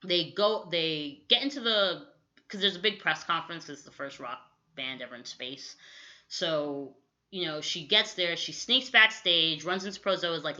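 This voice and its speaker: A young woman co-hosting a podcast, recapping a movie in casual chat and acting out quick quotes, with lots of "like". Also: lowish voice. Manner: animated storytelling with quick acted-out quotes, lots of "like". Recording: dull lo-fi audio.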